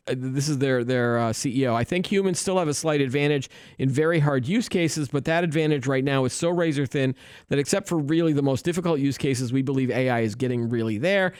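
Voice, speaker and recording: Smooth-voiced man hosting a tech chat. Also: medium pitch, a little mellow, no room sound, clean studio sound. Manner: chatty and joking, with many restarts. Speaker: tech show host. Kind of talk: casual tech news chat.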